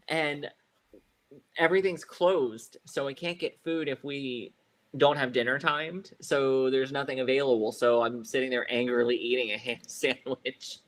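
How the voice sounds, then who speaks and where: A man co-hosting a relaxed live show, chatting with his partner and the viewers. He talks in an animated, lively way and breaks into laughter often. His voice sits in a mid range. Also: mid-range voice, a little slow. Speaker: podcast co-host. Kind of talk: casual live-stream chat.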